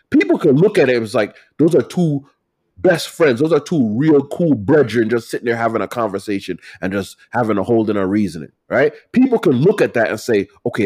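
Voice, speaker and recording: A man co-hosting a casual talk, animated and emphatic, swinging from loud to quiet. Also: a little high, husky, dry recording, clean studio sound. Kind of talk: casual chat.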